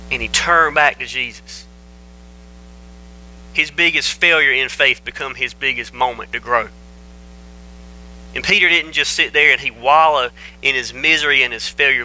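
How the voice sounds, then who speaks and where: A man preaches with a sharp, bright, forceful voice. He hammers his points home by repeating short phrases. It is a plain, earnest church sermon. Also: medium pitch, poor audio. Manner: emphatic, repeats phrases for stress. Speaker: pastor.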